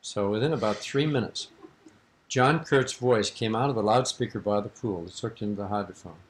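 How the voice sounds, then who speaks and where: This older male interviewee, heard on an old archival tape, has a fairly low voice and keeps a moderate pace. His storytelling wanders as he spins out a lengthy anecdote, clearly amused and now and then dissolving into laughs.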